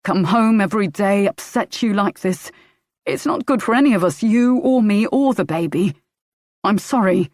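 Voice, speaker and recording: A woman's voice: mid-range voice, moderate pace, darkish tone, no room sound, natural voice. Woman reading the part of an upset young guy, earnest and pleading, dry close sound, nothing behind. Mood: pained. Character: young man, strained and defensive partner.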